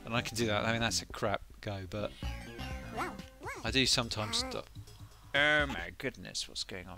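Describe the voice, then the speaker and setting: A man livestreams a video game over its music, rambling and mocking himself in casual commentary and bursting into silly voices. His voice is lowish, his speed normal, and he pauses often.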